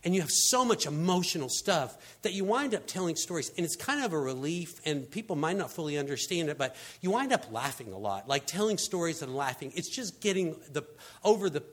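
A man delivers a relaxed, conversational sermon and sounds more like he's telling stories to friends than lecturing. His voice sits a little high for a man. His delivery is animated and peppered with casual fillers. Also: brisk. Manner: animated storyteller, frequent fillers like "I mean" and "you know". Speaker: pastor.

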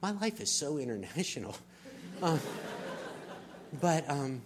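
A man's voice: on the high side, big pitch swings, unhurried, long pauses, noisy background. A middle-aged man preaching a sermon, telling personal stories and building to emphatic passages. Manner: storytelling, builds to emphatic swells. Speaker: pastor.

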